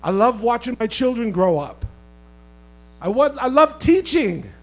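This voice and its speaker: A man preaching a sermon as pastor, swinging from loud impassioned outbursts to quiet conversational asides and teasing his congregation. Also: very high-pitched, sing-song, measured pace, low-quality recording.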